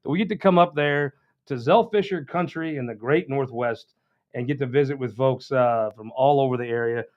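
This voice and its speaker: A man's voice: medium pitch, normal speed. Rambling folksy man hosting. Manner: rambling, folksy, restarts often. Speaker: political show host. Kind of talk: casual on-air monologue. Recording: dull lo-fi sound.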